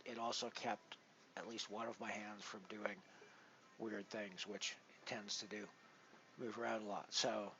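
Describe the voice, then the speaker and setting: A man commentating his poker stream in a casual, rambling way, full of restarts, his loudness rising and falling as he goes. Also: fairly low pitch, little pitch movement, unhurried, vocal fry, lo-fi sound, a little hiss or hum. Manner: rambling, with many restarts and big swings in loudness. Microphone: headset.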